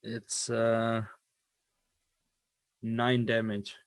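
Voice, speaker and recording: A man's voice: mid-range voice, completely flat delivery. A man playing a tabletop game, talking in a hesitant way. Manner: unhurried and hesitant, with fillers. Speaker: player.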